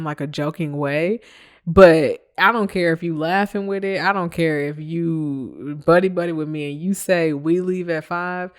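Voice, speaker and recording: Speaking at a medium pitch with a clean tone, this podcast host spins a work story in relaxed monologue form. Lots of laughter, plenty of emphasis, and frank side comments aimed at the audience.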